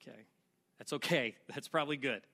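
A man's voice: medium pitch, fairly quick, gravelly, bright, forceful tone. A man preaching a sermon to a congregation, telling a personal story in a conversational way and asking the audience questions. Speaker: pastor.

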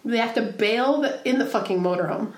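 Young woman cohost swearing thru a story, kinda high voice, roomy echo. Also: fairly quick. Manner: profane, animated storyteller. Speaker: podcast co-host. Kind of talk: casual chat, storytelling. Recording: echoey room.

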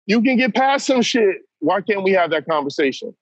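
A man's voice: sits high, big pitch swings, moderate pace, no echo, highs cut off. A man talking as a podcast guest, blunt and emphatic, who keeps saying "man" as he talks. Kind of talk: candid conversation.

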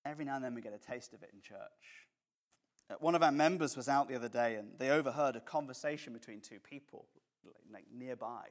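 A man's voice: medium pitch, fast. A man preaching a conversational sermon as pastor, mixing jokes and acted quotes.

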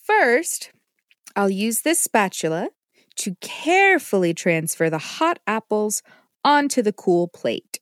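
A woman's voice: medium pitch, big pitch swings, slow, no echo, studio quality. A woman voicing a patient, caring mother who teaches her child kitchen safety. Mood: warm. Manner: patient and instructive. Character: gentle, safety-minded mother.

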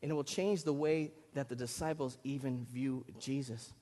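A man in his thirties with a Lynn, Massachusetts accent, preaching a sermon and telling stories animatedly, getting loud at times. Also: medium pitch, normal speed. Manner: animated storytelling, rising to loud bursts. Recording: long hall reverb.

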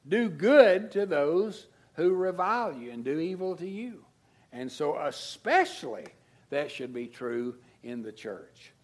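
A man preaching a sermon as pastor, swinging from raised emphatic lines down to soft, low endings. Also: breathy edge. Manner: dynamic preaching, rising to emphasis then dropping low and soft.

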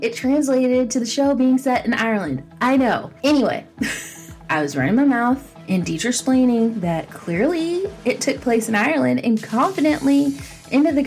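Chatty self-mocking woman podcaster, laughing. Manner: chatty and self-mocking, laughs often, lively pitch jumps. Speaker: podcast host. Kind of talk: casual solo podcast chat.

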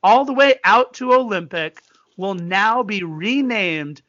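A high, bright-voiced man co-hosting a casual sports podcast, chatty and quick to act out the people in his stories. The sound is dry and a little dull, like a modest home setup. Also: no room sound. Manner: chatty storyteller, animated quoted voices. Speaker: podcast co-host.

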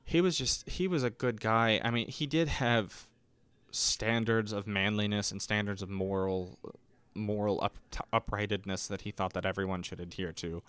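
A man with a low, smooth, resonant voice, chatting casually as a podcast host. He rambles through stories, restarts his sentences and slips into quick voices for the people in them. The sound is dry and close, with no room echo. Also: steady tone, fairly bright tone. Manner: rambling, self-correcting, acts out quoted voices. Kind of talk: casual solo storytelling.

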